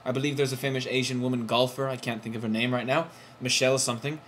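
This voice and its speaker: A man ranting to the camera in a video blog, heated and outraged, with sudden loud jumps in pitch. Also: steady tone, quick pace, slight background noise. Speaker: vlogger. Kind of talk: indignant vlog rant.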